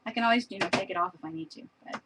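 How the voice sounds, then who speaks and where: A woman's voice: medium pitch, rapid-fire, background noise. A woman chatting casually as she shows craft papers on a live stream, laughing often and admiring each sheet.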